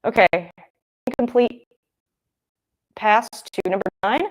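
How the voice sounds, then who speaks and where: A woman's voice: on the high side, takes it slowly. Chatty woman rambling through live football. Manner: chatty and rambling, thinking aloud. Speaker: livestream host. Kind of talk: casual live game commentary.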